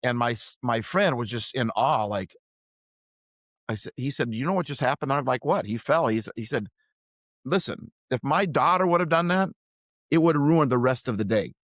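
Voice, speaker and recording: A man's voice: medium pitch, animated, normal speed, a bit bright, no echo, studio quality. An older man, a podcast co-host, reflecting earnestly on raising his sons in a casual chat.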